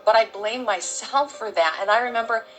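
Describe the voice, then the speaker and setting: A middle-aged woman, an interview guest, gives a halting, heartfelt personal testimony full of restarts. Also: fairly high pitch, a bit bright, soft background music, low-quality recording.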